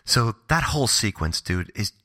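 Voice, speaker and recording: A man co-hosting a podcast, gushing with animated storytelling in casual horror movie chat. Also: lowish voice, moderate pace, dry recording, clean studio sound. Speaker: podcast co-host.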